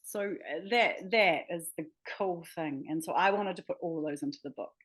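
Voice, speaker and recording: Lively New woman, low-voiced. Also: moderate pace. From New Zealand. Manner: enthusiastic, laughing, searching for words. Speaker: guest, healer and author. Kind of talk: casual interview chat.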